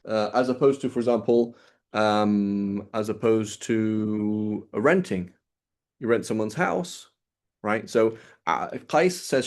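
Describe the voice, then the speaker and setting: A man teaches Islamic law in a casual, conversational lecture, acting out little quoted dialogues and tossing in rhetorical "right?" to make his points. His voice is fairly low, unhurried, and a little mellow.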